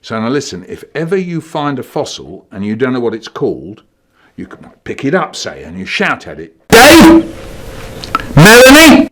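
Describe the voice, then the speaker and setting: A man spins comic stories for children. His voice bounces up and down, and he talks in a playful, animated way that breaks into loud, silly shouts. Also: fairly low pitch, moderate pace, husky. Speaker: comic storyteller.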